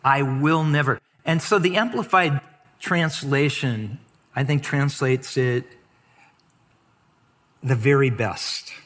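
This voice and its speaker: A man's voice: medium pitch, slow, pauses often, fairly bright tone. A man preaching a sermon as pastor, reading scripture aloud and stretching out key words for emphasis. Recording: long hall reverb.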